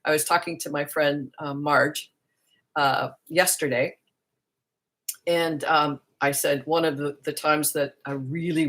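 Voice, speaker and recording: A woman's voice: low voice, fairly bright tone. A woman spiritual teacher giving a reflective talk to camera, earnest and musing, often circling back on her words.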